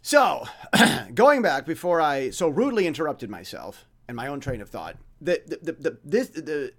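A man's voice: a little high, big pitch swings, moderate pace, slight background noise. A man hosting a podcast, talking in a rambling, blunt monologue full of stammers and restarts. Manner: mimics dramatic voices when illustrating points. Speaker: podcast host.

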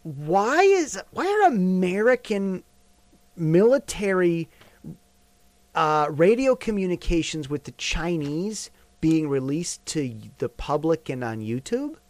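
Brief: talky male commentator, rambling with restarts and questions, high-pitched and expressive. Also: slow pace, no room sound. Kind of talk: casual commentary monologue.

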